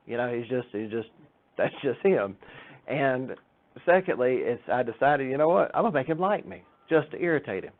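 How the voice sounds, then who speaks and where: A man giving an informal church talk, chatty and joking, acting out the people in his stories. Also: medium pitch. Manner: chatty storytelling with jokes and acted-out quotes. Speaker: church speaker. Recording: tinny phone-like sound.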